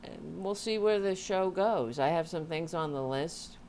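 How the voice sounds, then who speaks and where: A tired woman hosts her livestream from home, talking into a desk mic in a low voice. She rambles loosely, breaks off mid-thought and jokes with her viewers. A faint hum of room ambience sits behind her. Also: measured pace, darkish tone. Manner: rambling, self-interrupting, joking. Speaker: host of a livestream show. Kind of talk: casual livestream chat. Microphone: home mic with audio interface.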